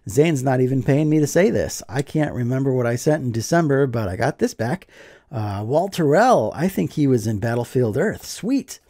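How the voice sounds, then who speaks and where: A man's voice: medium pitch, lively intonation, normal speed, dark tone, no room sound, clean studio sound. A man chatting casually as he opens mail, enthusiastic and joking. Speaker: card collecting vlogger. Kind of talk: casual mail opening chat.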